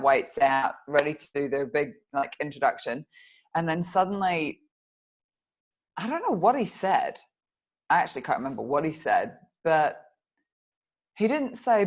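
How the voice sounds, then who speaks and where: A low-pitched woman chats as a podcast guest. She tells her stories animatedly and giggles often. She sounds middle-aged. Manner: animated storyteller, giggly, chatty. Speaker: podcast guest, fitness coach. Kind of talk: casual interview chat.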